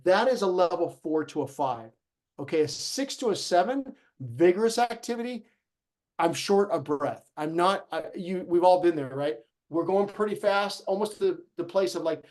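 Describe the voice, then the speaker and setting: Upbeat high-voiced man coaching fitness. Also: moderate pace. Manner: energetic, encouraging, talks directly to the group. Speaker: fitness instructor. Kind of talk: live online fitness class.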